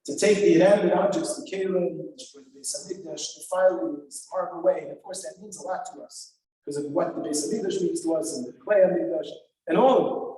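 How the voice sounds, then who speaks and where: Rabbi, male, earnest and emotional lecture on lament poems; soft, warm tone, picked up from far off in a reverberant sanctuary. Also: sits high, fast talker. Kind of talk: explaining liturgical lament poems. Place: synagogue sanctuary. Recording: very echoey hall from far off.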